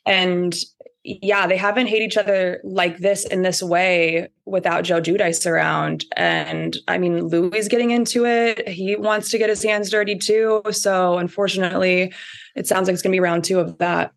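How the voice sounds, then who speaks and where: A woman from Indiana, guest on a podcast, chatting casually in a relaxed, agreeable way. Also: on the low side, moderate pace, vocal fry. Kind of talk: casual chat.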